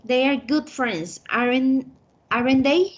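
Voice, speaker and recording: A female student answering exercises slowly and carefully in an online English class. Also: high-pitched. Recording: dull lo-fi call audio with faint noise.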